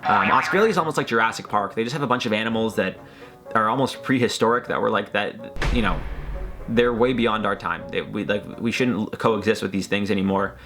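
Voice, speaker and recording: Low-voiced man rambling over loud music. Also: a little fast. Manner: rambling, hesitant, joking. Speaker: reaction video host. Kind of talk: casual commentary.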